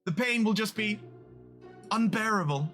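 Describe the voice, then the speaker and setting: A man's voice: high voice, lively intonation, fairly bright tone, faint music behind, voice pushed up. A man playing a pompous mad scientist. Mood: coldly gloating. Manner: slow, grandiose, coldly polite villain monologue. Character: cold, pompous male mad scientist doctor. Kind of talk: game voice-over.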